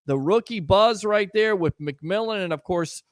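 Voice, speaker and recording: A man hosts a sports call-in show with a high, quick voice. The sound is dry and close. He talks in a loose, chatty way. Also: no room sound. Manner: chatty, fast, takes phone calls. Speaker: radio show host. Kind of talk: casual sports talk radio.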